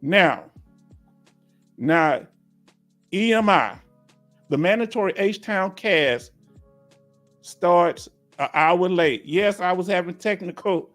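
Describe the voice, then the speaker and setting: A Southern man from Houston hosts a casual live stream for veterans. His voice sits slightly high, and he reads viewer comments aloud in a loose, chatty way. Faint music plays underneath. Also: expressive, slow, long pauses, fairly bright tone. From Houston, Texas. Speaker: livestream host for veterans.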